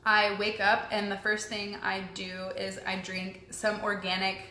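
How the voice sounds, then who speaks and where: A woman's voice: medium pitch, monotone, measured pace, pushed and bright, slight background noise. Chatty young woman, echoey room. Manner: chatty, upbeat, frequent ums and likes. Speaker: host answering viewer questions. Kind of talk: casual live-stream chat. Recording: echoey room with faint ambience.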